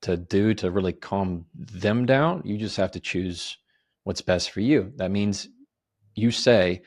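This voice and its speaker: A low, gravelly male voice explains advice on handling conflict, laying it out in calm, orderly steps. He speaks evenly, offering example phrases as he goes. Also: slow. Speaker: guest, attorney and communication author. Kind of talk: podcast interview, explaining advice.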